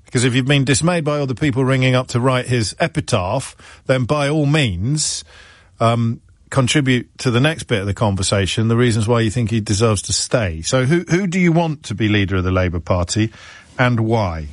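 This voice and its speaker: A man's voice: mid-range voice, normal speed, no echo. A man hosting a radio phone-in from England, musing wryly and restarting his sentences as he talks. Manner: wry, discursive, repeats words when restarting. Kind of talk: talk radio monologue. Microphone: studio microphone.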